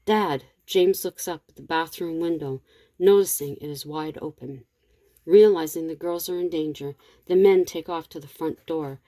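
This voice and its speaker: Low, dark-voiced woman narrating a story. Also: moderate pace, no room sound.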